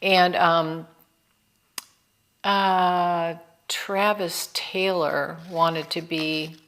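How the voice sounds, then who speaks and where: A woman hosting an online call, thanking her guest and answering viewers' questions in a measured way. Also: fairly low pitch, steady tone, a bit bright. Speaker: host. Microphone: video call.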